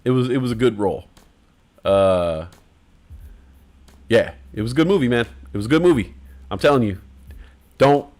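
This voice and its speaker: A man's voice: medium pitch, animated, moderate pace, pauses often, a little mellow. A man hosting a casual livestream, talking in loose, profane, rambling banter. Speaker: livestream host.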